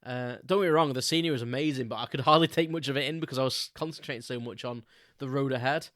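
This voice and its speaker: A man's voice: mid-range voice, fast, a bit bright, dry recording, studio quality. A man, hosting a podcast and telling a story in a loose, rambling way, with many ums and frequent chuckles. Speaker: podcast host. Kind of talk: casual storytelling monologue.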